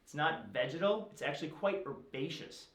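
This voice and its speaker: A man's voice: fairly high pitch, animated, moderate pace, fairly bright tone, roomy sound, far from the mic. An actor playing a chatty male wine supplier with a friendly sales patter. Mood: upbeat.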